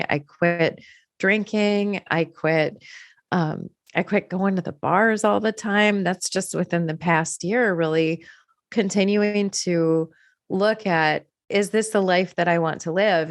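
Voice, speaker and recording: Female co-host, low voice, earnest and reflective, dry close sound. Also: no room sound. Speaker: podcast co-host in recovery. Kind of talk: reflective personal sharing.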